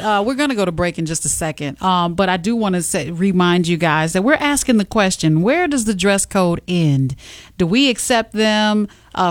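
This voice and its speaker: A woman hosting a radio talk show, speaking in a measured, emphatic way. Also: medium pitch, dry recording.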